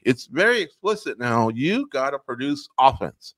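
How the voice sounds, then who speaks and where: Animated man recapping fights, dry sound. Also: medium pitch, normal speed, hardly any pauses, no room sound. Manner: animated, puts on mock voices for judges. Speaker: podcast co-host. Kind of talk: casual MMA recap chat.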